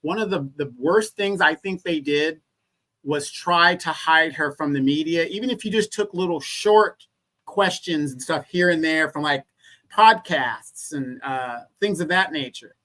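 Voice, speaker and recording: Man, slightly high pitch, blunt, casual co-host talk, quick bursts. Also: sharp tone, rough recording.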